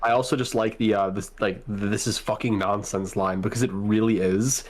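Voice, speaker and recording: Blunt low-voiced man on a podcast. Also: steady tone, normal speed. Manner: blunt and critical, calls things stupid. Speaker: podcast co-host. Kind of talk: casual fan discussion.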